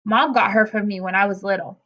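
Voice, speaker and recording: A woman voicing a gentle, soft-spoken young troll boy in a storybook reading, on a dull lo-fi recording. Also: mid-range voice, fairly even intonation, brisk, lightly acted. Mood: tender.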